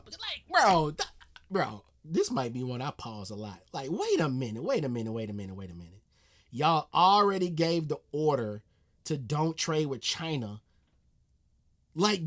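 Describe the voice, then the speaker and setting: A man's voice: fairly high pitch, fairly bright tone. An American man hosting a reaction video, talking casually and getting exasperated, repeating himself, swearing and saying "bruh" often. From United States.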